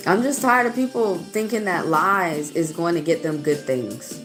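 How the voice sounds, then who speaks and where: A woman's voice: fairly low pitch, normal speed. A woman with a Southern US accent giving a live-stream tarot reading, chatty and outspoken as she talks straight to her chat. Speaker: tarot reader. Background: faint background music.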